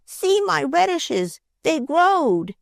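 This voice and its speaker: A woman voicing an excited, impulsive small boy in a storybook reading. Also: high voice, slow, vocal fry, no room sound, clean studio sound, voice pushed up, full character voice.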